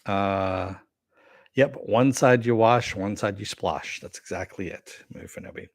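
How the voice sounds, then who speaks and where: A middle-aged man hosting a live-stream review, chatting casually and answering viewer comments with many fillers and pauses. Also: fairly low pitch, no echo, clean studio sound. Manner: rambling, with frequent fillers and throat clearing.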